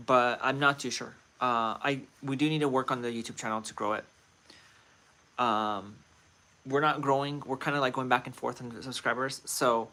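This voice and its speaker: A man casually hosting a livestream, talking straight to his viewers in a playful, rambling way. His voice is bright and forward. He sits in a middle range of pitch. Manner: chatty, playful, talks to chat directly. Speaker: livestream host.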